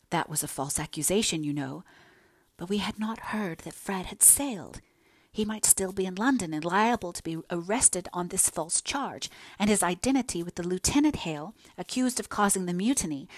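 A woman reads as an earnest young heroine, anxious and full of remorse, pleading as she confesses. Her voice sits rather low. The sound is dry and close-miked. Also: no room sound. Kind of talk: audiobook character reading.

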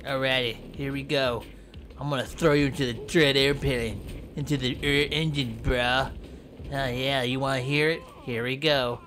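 A man commentating gameplay in a goofy, clowning way, yelping and jumping high in pitch when things go wrong. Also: steady tone, moderate pace, a bit bright, a little hiss or hum. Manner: sing-song chanting and repeated silly words.

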